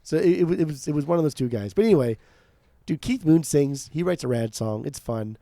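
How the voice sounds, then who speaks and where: An American man co-hosting a podcast in casual chat, animated, jokey and quick to swear. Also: fairly high pitch, creaky, no echo, studio quality. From United States. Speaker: podcast co-host.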